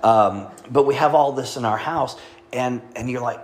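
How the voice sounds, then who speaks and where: A man's voice: mid-range voice, normal speed. A middle-aged man, a pastor, preaching a sermon in a conversational way, reading scripture and joking with the congregation.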